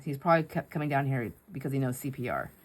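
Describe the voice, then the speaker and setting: A woman's voice: a bass voice, very animated, fast talker. A middle-aged woman hosting a crafting video, chatting casually in a rambling, self-deprecating way and laughing often. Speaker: crafting channel host. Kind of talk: casual chat while crafting.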